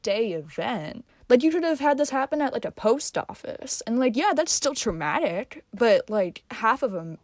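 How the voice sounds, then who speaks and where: A woman's voice: on the high side, sing-song, normal speed, hardly any pauses, a little mellow, no echo, clean studio sound. A young woman hosting a casual reaction vlog, slangy and sarcastic. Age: young adult. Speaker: vlogger, host.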